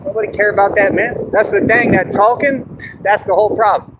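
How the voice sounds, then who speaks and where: A man's voice: sits high, fairly even intonation, fairly quick, heavy background noise. A man from Texas, talking in a boastful, swaggering monologue straight to camera. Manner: swaggering, repetitive, keeps asking "you understand?". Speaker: vlogger.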